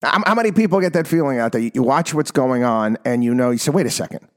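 A man hosting a talk program, ranting in an exasperated monologue that swings from loud outbursts to low mutters, in his fifties. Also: lively intonation, quick pace. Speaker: radio talk show host. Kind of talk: opinionated monologue.

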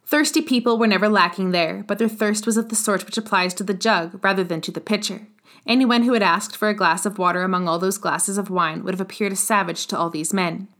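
A woman narrating a classic novel as an audiobook, in a measured, steady reading. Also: mid-range voice.

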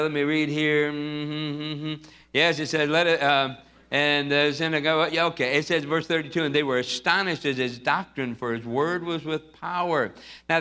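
Male pastor, emphatic repetitive sermon, bright voice, slightly high. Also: clean tone. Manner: emphatic and repetitive, acting out Bible figures. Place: church.

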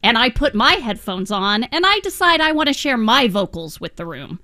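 A female radio co-host banters in the studio, teasing and arguing her side. Her voice sits high and bright. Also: very animated, normal speed. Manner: teasing, argumentative.

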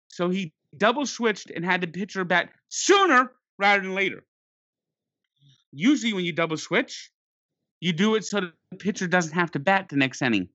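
Fired-up man ranting in a bright voice. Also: high voice, dry recording. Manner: exasperated, animated, stumbling restarts. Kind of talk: ranting sports storytelling. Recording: dull lo-fi dry recording.

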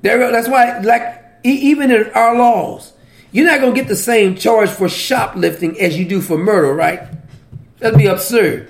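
A man preaches at a normal speed in a high, creaky voice. His sermon has a casual, teasing tone, and he keeps quizzing his listeners. He also chuckles at the points he raises.

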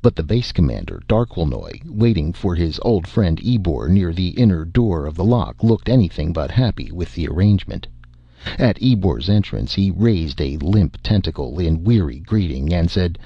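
A man reading a science fiction story aloud in a measured, expressive way. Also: low-pitched, creaky, breathy edge, no echo, highs cut off. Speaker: narrator.

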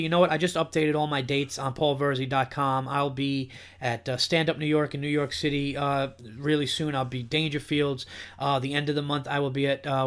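A man hosting a comedy podcast, ranting in an animated way and repeating himself for emphasis. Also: mid-range voice. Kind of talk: casual comedy podcast chat.

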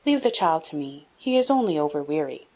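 A woman reading an audiobook, voicing a calm, brisk castle matron who speaks firmly and soothingly. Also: low-pitched.

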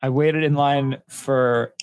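A man's voice: medium pitch, fairly even intonation, takes it slowly, clear, resonant tone, no room sound. A man co-hosting a podcast in casual chat, joking and riffing on bits. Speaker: podcast co-host.

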